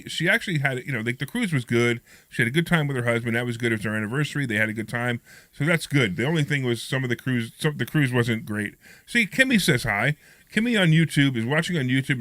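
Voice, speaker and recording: A man hosting a live radio talk show, chatty and energetic, talking from a studio. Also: medium pitch, dry recording. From United States.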